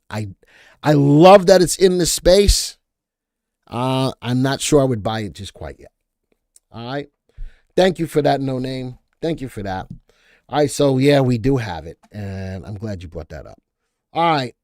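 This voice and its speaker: A man's voice: mid-range voice, a little mellow, dry recording, studio quality. A man with a Boston accent hosting a live stock market stream, rambling, repeating himself and answering viewer chat as he goes. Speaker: stock market show host.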